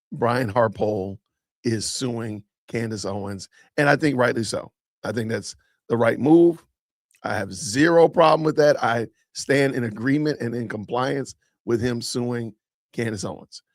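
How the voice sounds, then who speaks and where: A male podcast host in casual commentary, upbeat and chatty, giving shout-outs to his audience. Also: mid-range voice, no echo, clean studio sound.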